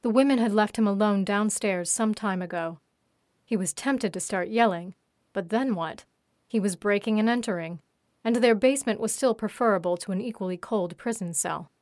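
A woman reads a written story aloud in a steady, even narration. Her voice sits at an ordinary middle pitch. The recording is dry and close, with no room sound. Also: normal speed, no echo. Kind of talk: scripted erotic story reading.

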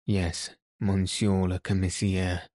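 A man's voice: low voice, level tone, takes it slowly, a little mellow, no echo, studio quality. A man voicing an anxious, impulsive young nobleman who speaks urgently.

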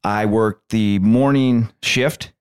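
A man's voice: on the low side, steady tone, slow, clear, resonant tone, no echo, studio quality. A man hosting a sports podcast, telling a story in a laid-back way with lots of fillers. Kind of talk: casual chat.

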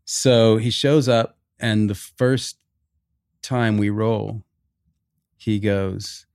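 A middle-aged man as a podcast guest, telling stories in an animated way, swearing casually, with frequent restarts. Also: fairly low pitch, very slow, long pauses, clear, resonant tone, no echo, clean studio sound. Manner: animated storyteller, swears, acts out quotes.

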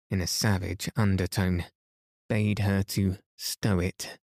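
A man reading a bedtime story aloud in a calm, soothing, unhurried way, as a sleep podcast host. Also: low voice, creaky, no echo, clean studio sound.

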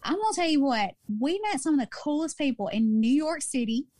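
A Southern woman with a fairly high voice tells stories on a podcast, chatty and animated, circling back to repeat her favorite lines. The sound is dry and close, with no room around it. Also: fairly quick, no echo. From Mississippi. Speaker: podcast co-host. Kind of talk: casual storytelling chat.

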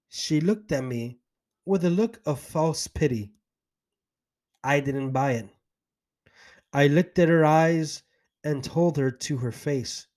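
A man's voice: a little high, slow, pauses often, a little mellow. A man hosting a podcast, earnestly recounting his own story in the first person. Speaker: podcast host.

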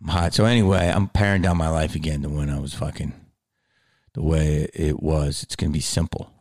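A man's voice: a bass voice, little pitch movement, a little fast, a little mellow. A middle-aged man comedian ranting in a heated, profane, swaggering way.

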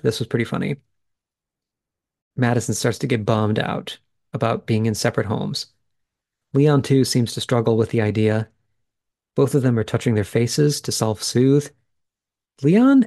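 A podcast host, male, recaps episodes in a chatty, casual way, thinking aloud and reacting in real time. His voice is medium-pitched and a little mellow, recorded cleanly in a studio with no echo.

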